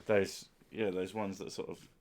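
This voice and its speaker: A man with a lowish voice hosts a casual livestream. He chats in a loose, rambling way with crude jokes, often at his own expense. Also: little pitch movement, normal speed, a little mellow. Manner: joking, crude, self-mocking. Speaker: streamer and host.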